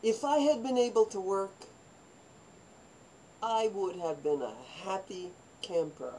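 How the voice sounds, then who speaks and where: A woman's voice: medium pitch, a little slow, dark tone, slight background noise, rough recording. An older woman recounting her own life to camera in a loose, rambling monologue. She drifts between asides and throws herself into the voices of people she quotes. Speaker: vlogger telling her life story. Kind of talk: personal storytelling monologue.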